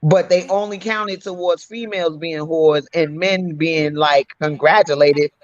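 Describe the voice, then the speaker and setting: A woman's voice: sits low, fairly even intonation, a little slow, no room sound. A woman arguing bluntly and with lots of swearing in a heated podcast debate. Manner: blunt, profane, argumentative. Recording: dry, dull lo-fi mic.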